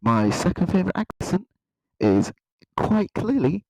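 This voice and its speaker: A man with a Nottinghamshire accent delivering a deadpan, rambling satirical monologue. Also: mid-range voice, normal speed, dry recording, low-quality recording. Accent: Nottinghamshire English. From Nottinghamshire, England. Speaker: comedy video host.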